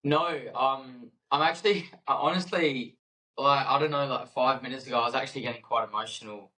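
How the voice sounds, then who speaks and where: On a rough recording, a young male podcast co-host chats casually with a mid-range, bright, forceful voice, talking a little fast. He's hesitant, full of fillers and restarts, and laughs easily.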